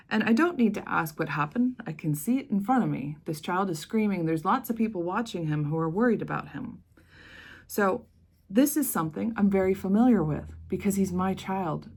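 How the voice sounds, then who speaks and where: A woman's voice: lowish voice, vocal fry, darkish tone. American woman telling a personal story. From United States. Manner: earnest, conversational, with emphatic rises. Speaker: vlogger.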